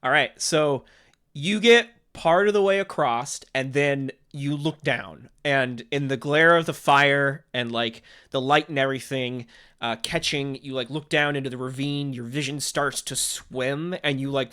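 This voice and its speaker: A man narrating as game master of a tabletop game, relaxed and full of fillers as he sets the scene. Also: medium pitch, smooth.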